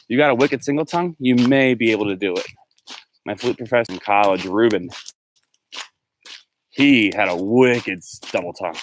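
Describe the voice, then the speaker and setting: At medium pitch and a moderate pace, a musician who hosts livestreams talks casually while walking around a neighborhood. He rambles from one topic to the next, responds to viewers by name, and the background carries faint street noise and dogs barking in the distance.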